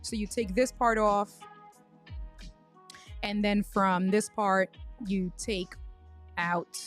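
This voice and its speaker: A woman's voice: medium pitch, fairly even intonation, soft background music. A woman hosting a casual livestream, telling a tech mishap story and greeting viewers by name with lots of restarts. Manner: tells stories with quick restarts. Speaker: livestream host.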